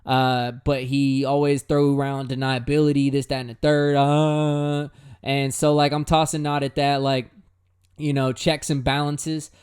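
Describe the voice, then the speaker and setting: Laid-back man with a smooth voice. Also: mid-range voice, flat delivery, measured pace, a little mellow. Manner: laid-back and chatty, with slang. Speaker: musician explaining his own lyrics. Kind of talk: casual lyric breakdown.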